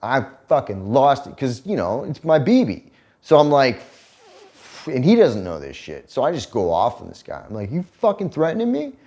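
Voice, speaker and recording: A man's voice: mid-range voice, moderate pace. A man in his thirties, casually telling a story on a couple's vlog, swearing freely and laughing as he goes. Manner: profane, animated retelling with laughter. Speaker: vlog co-host.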